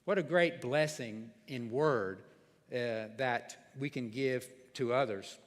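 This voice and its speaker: Conversational pastor preaching in a reverberant church. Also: male voice, mid-range voice, takes it slowly. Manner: plain, conversational preaching with frequent restarts. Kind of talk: sermon. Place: church sanctuary.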